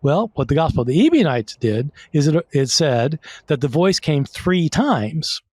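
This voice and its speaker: A man's voice: fairly high pitch, sing-song, moderate pace, a little mellow, dry recording. A man explaining as a guest scholar in an interview, conversational, with many fillers and restarts.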